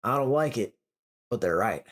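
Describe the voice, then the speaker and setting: A reader voicing a quiet, reluctant man who mumbles his words. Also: animated, moderate pace, lightly acted. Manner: mumbling, low-key.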